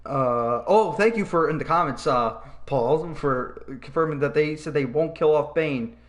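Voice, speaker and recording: A man hosting a podcast in casual chat, excitable and swearing freely, laughing often. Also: on the high side, a little slow. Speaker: podcast host.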